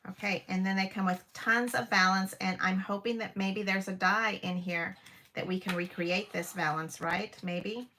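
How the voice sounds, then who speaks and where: She speaks at medium pitch and normal speed, her intonation fairly even and her tone bright and forceful. A woman in her fifties, she hosts a relaxed live craft chat from home, gushing over each piece with frequent exclamations and plenty of fillers.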